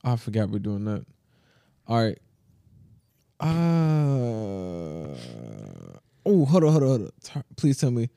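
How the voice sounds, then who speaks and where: A man co-hosting a podcast in casual chat, telling stories in an animated, slangy way with lots of fillers, speaking close to the mic. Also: mid-range voice, slow pace, long pauses, clear, resonant tone, no echo. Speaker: podcast co-host.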